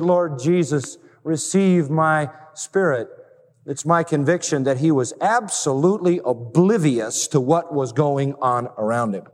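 A man preaching a sermon in an earnest, measured way, with slow emphatic pauses. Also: a little high. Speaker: pastor. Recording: hall reverb with faint music.

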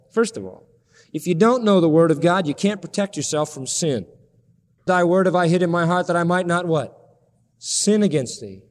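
Man, pastor, impassioned pleading sermon, high-pitched voice, long hall reverb. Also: a little mellow. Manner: impassioned, pleading preaching with sudden rises and drops.

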